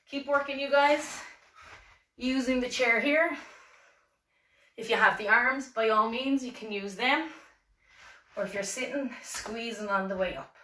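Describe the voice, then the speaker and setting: A woman instructor with an Irish accent and a mid-range, fairly bright voice leads a seated workout, counting reps and offering encouragement with the odd self-deprecating aside. She sounds far away in an echoey room.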